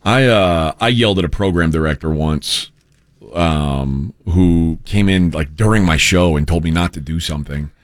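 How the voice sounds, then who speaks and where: Low-voiced man rambling on radio. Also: moderate pace, dry recording, clean studio sound. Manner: rambling, restarts and loose storytelling. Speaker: radio show co-host. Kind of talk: casual radio banter.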